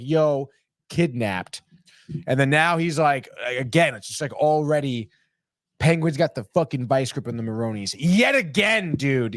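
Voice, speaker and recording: A man hosting a podcast, giving a rambling, profane, animated recap of a TV episode and dropping into quick impressions. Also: medium pitch, no echo, studio quality. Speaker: podcast host. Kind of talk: casual recap chat.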